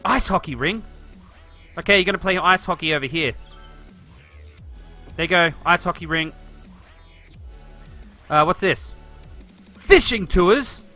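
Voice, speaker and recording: A man live-streaming a city-building game, chatting excitably and reading viewer comments aloud. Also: on the high side, measured pace, long pauses, soft background music.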